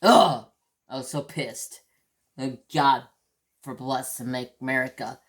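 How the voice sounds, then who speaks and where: A woman's voice: extremely low pitch, level tone, measured pace. A woman hosting a crafting channel, telling a story in a casual, swearing, ranting way and acting out the quotes.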